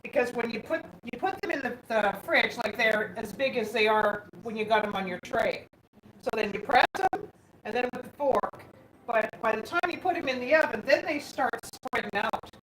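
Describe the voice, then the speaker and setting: A woman's voice: on the high side, moderate pace. A woman hosting a casual live stream from her home kitchen on a phone, chatting and reading out viewer comments as she answers them. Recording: echoey room, faint background hum.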